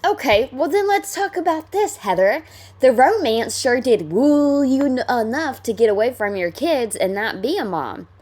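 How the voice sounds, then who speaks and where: A woman's voice: sits high, expressive, normal speed, darkish tone. A woman hosting a reaction video, ranting bluntly and with heavy profanity about a clip from a reality show.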